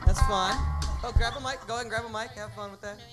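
A man's voice: high-pitched, fairly even intonation, fast. A man hosting a comedy stage show, introducing and interviewing a guest with teasing showman patter. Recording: music playing loudly behind the voice.

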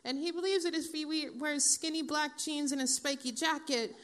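A woman's voice: high-pitched, steady tone, normal speed, fairly bright tone. Dry, profane stand-up comedian woman. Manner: dry, profane, self-mocking asides to the crowd.

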